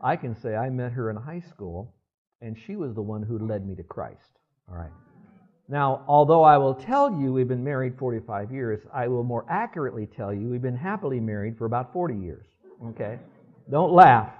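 A man's voice: medium pitch, animated, moderate pace. Male pastor, 60s, chatty sermon delivery, dull lo-fi sermon recording. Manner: conversational, asks the congregation for responses.

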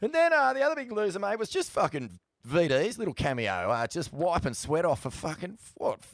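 A man's voice: high-pitched, sing-song, a little fast, creaky, no room sound, clean studio sound. An Australian man co-hosting a podcast, telling stories in a laid-back, sweary way. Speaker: podcast co-host. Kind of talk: casual chat.

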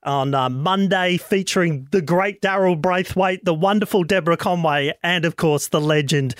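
A man's voice: sits high, moderate pace, no echo, studio quality. A man with an Australian accent hosting a radio interview, upbeat and enthusiastic. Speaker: radio host.

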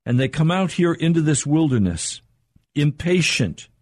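An older man preaching a sermon in an earnest, measured way, slowing down for emphasis. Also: on the high side, lively intonation, no room sound.

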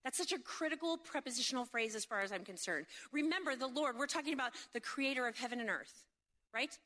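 A woman delivering a humorous sermon in a high, bright voice, animated and jokey, full of quick asides. She keeps checking in with the crowd through rhetorical questions. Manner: seeks agreement with frequent rhetorical questions. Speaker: speaker at a faith event.

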